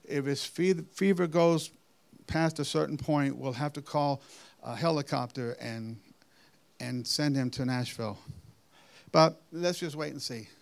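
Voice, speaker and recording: A man voicing a calm older country doctor, plain and matter-of-fact in his advice. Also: fairly high pitch, measured pace, gravelly.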